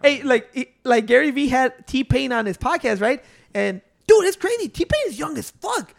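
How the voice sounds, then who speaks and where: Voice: sits high, animated, moderate pace, gravelly. A speaker in their thirties rambling casually, laid-back and profane. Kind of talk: casual chat.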